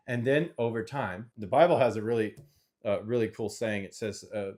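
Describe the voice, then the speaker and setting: A man's voice: fairly low pitch, normal speed, darkish tone. A middle-aged man speaking off the cuff as a channel host, earnest and a little preachy, citing scripture while giving money advice. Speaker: investment CEO and channel host. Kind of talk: unscripted motivational monologue.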